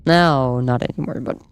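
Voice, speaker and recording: A man's voice: fairly high pitch, smooth, no room sound. A man with a light French accent chats casually with his stream viewers while he plays. His talk is joking and profane, broken by frequent laughs. He sounds tired from a night without sleep. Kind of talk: casual gaming stream chat.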